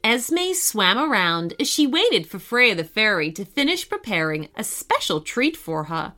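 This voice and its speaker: A woman narrating a children's story in a lively, expressive reading voice. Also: mid-range voice, unhurried.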